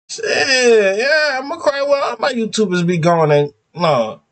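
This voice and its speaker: A man in his thirties hosting a reaction video, talking in an animated, rambling, slangy way. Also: moderate pace, hardly any pauses, soft background music. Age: 30s. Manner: animated, rambling, slangy, jumps between high and low pitch. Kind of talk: casual reaction commentary.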